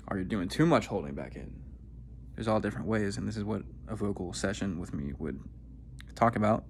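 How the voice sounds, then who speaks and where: Low-voiced male vocal coach. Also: slight background noise. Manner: instructive, demonstrating sounds. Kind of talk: vocal warm-up lesson.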